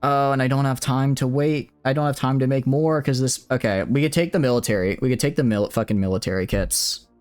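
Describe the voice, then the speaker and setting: A man's voice: mid-range voice, brisk, few pauses, a little mellow, smooth, faint music behind. A man giving casual live-stream commentary over a video game, rambling through joking asides and swearing a lot when frustrated. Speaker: gaming streamer. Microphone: streaming mic set to cap loud shouts.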